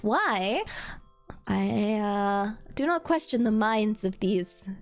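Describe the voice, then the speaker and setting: A woman's voice: medium pitch, expressive, slow, darkish tone, soft background music. A young British woman hosting a stream, chatting casually and giggling, acting out quoted voices. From Britain. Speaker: streamer host. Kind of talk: casual chat.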